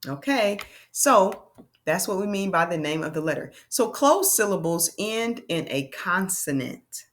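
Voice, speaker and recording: A woman teaching a children's phonics lesson, slowly sounding out vowels and letters and checking in with the class with an encouraging "okay?". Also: on the low side, animated.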